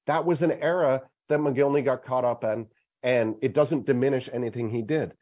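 A man's voice: medium pitch, a little fast, a little mellow. A middle-aged man hosting a sports talk show, making his case emphatically and at length.

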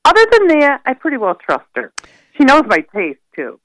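An older woman calling in to a radio show, chatting in a self-deprecating, animated way about her family. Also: high voice, normal speed, dry recording, poor audio. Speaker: caller. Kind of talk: casual radio chat.

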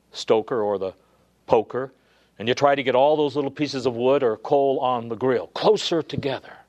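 A man preaching a sermon, building to emphatic peaks and then dropping low and quiet. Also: highs cut off. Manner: preaching with swelling emphasis, dropping to near-whisper at times. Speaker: pastor.

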